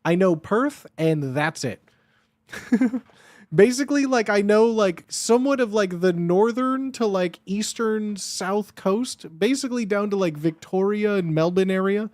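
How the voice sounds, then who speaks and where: In a relaxed, wandering stream chat, a young man with a fairly high voice talks a little slowly, growing excited often and swearing freely. The sound is close to the mic and dry.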